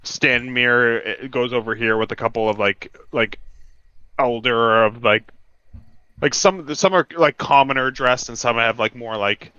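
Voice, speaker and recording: A man's voice: medium pitch, measured pace, pushed and bright, clean tone, dry recording, highs cut off. Man running a tabletop game. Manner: loose, filler-heavy narration with laughs. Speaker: dungeon master.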